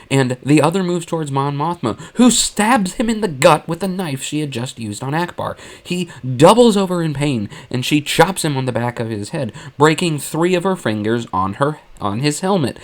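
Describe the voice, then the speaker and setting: A man narrating a fan what-if story in a plain, matter-of-fact deadpan. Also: medium pitch.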